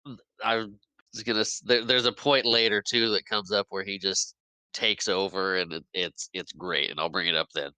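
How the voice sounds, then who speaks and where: A man's voice: sits low, steady tone, normal speed, bright, forceful tone, dry recording. A man co-hosting a podcast, chiming in with short agreements and jokes and chuckling a lot. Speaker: podcast co-host. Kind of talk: casual movie recap chat.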